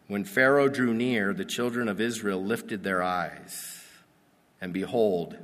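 A pastor giving a sermon, reading Bible verses and explaining them in a conversational way that builds to emphatic peaks. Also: male voice, lowish voice, a bit bright. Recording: long reverb of a large hall.

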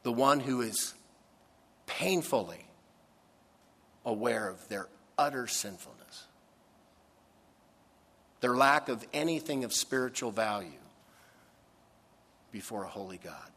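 A man preaching a sermon, earnest and emphatic, with dramatic pauses on key words. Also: mid-range voice, expressive, bright, forceful tone. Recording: long reverb of a large hall.

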